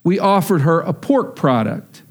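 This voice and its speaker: Pastor, man, 30s, from texas, high voice, storytelling sermon that builds to emphatic preaching. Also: animated, a little slow.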